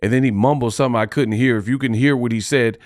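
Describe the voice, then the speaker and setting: A man's voice: mid-range voice, fairly even intonation, dry recording. Guy doing boxing commentary, dry close mic, laid back chatty way of talking. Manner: loose, conversational, drawn-out delivery. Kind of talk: casual video commentary.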